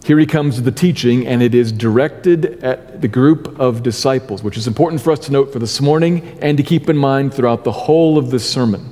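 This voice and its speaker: Male pastor, warm mellow voice, mid pitch, measured sermon delivery, long hall reverb. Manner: deliberate, stresses key words, slows for scripture.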